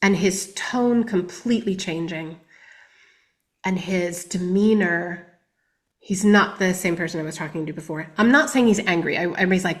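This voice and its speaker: A woman giving candid personal testimony as a guest on a podcast interview, reflective and often speaking quietly. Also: lowish voice, moderate pace.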